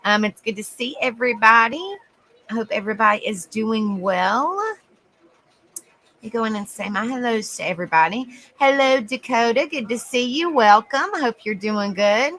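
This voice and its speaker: A woman's voice: on the high side, animated, moderate pace, a bit bright, low-quality recording. A woman with a Southern US accent, hosting a casual live stream, chatty and giggly as she greets viewers by name. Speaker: livestream host.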